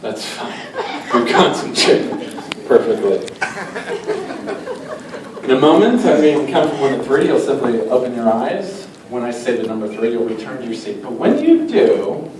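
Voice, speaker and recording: A man's voice: mid-range voice, moderate pace. A man running a stage hypnosis show, coaxing volunteers to relax and giving them suggestions in front of a live audience. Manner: soft, coaxing induction patter that rises to loud excited suggestions. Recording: distant, echoey venue with crowd noise.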